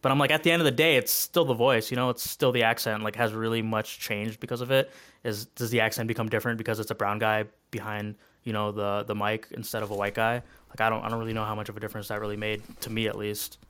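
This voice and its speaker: Brief: male co-host, rapid filler-heavy delivery, passionate, smooth clear voice, slightly low. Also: level tone, a bit bright. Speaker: podcast co-host. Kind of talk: casual chat.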